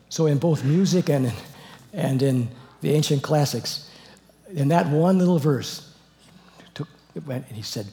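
An older man giving an expository Bible lecture, scholarly and digressive, moving from hushed reading to loud emphatic exclamations. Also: medium pitch, measured pace, creaky. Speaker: Bible teacher.

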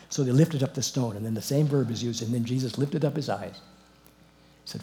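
Middle-aged male Bible teacher, lively and informal, quick to laugh at his own asides. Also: mid-range voice. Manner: animated, chuckling, reads verses then comments.

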